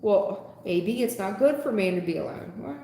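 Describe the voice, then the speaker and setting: A woman's voice: mid-range voice, lively intonation, moderate pace, gravelly, dark tone, a little hiss or hum. A woman giving a live tarot reading, sarcastic and scolding in a folksy way. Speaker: tarot reader. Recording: echoey room with long reverb.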